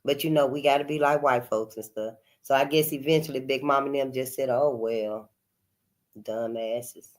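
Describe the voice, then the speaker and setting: A woman hosting her channel, talking in impassioned commentary with frequent cussing and sudden swings from loud outbursts to quiet asides. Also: steady tone, quick pace, hardly any pauses. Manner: emphatic, colloquial, cusses freely, swings between loud outbursts and low asides. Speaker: channel host.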